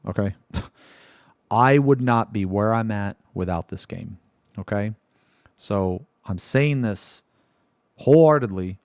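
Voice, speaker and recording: A man's voice: fairly low pitch, takes it slowly, pauses often, a little mellow, no echo, clean studio sound. A man streaming live, ranting emphatically, swearing freely and checking in with the audience again and again. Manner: emphatic, keeps asking "okay?", swears freely.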